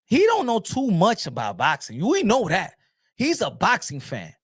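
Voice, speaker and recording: Guy on a boxing channel ranting, cussing a lot, pitch jumping around. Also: normal speed, slightly rough. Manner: profane, animated, repetitive. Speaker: boxing show host. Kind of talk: casual commentary rant.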